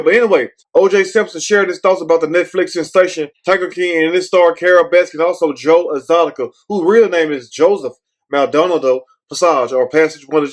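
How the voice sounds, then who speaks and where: A man hosting a casual commentary show, rambling and blunt, often swearing and circling back with "but anyway.". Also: fairly high pitch. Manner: blunt, profane. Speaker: show host.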